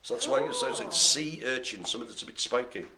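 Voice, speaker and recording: A man's voice: mid-range voice, very animated, fast, crowd noise. A man hosting a live bingo game, playful and punning, laughing often. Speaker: bingo host. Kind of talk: jokey live bingo calling. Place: care home activity room.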